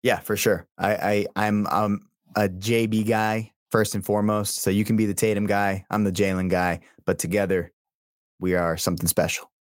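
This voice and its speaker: A man co-hosting a sports podcast, telling things in a relaxed, rambling way. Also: on the low side, normal speed, no room sound, studio quality. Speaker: podcast co-host. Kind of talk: casual sports chat.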